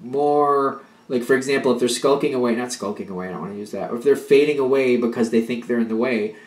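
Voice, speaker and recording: A man's voice: mid-range voice, fast talker, a little mellow, roomy sound. Rambling man giving a tarot reading. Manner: rambling, restarts, acts out quoted pleas. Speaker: tarot reader. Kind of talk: casual spoken tarot reading.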